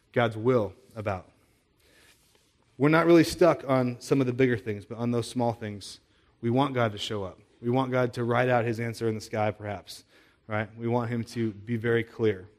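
With a mid-range voice, a man delivers a sermon as a pastor, keeping it conversational. Rhetorical questions come often, and he tends to repeat words as he starts over.

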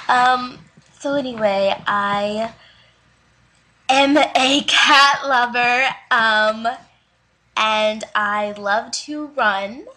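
An actress playing a nervous woman recording a dating video who keeps crying over her love of cats, with a hesitant, halting delivery. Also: fairly high pitch, pushed and bright, exaggerated voice, low-quality recording. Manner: nervous, hesitant, breaks into sobbing. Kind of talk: comedy sketch video.

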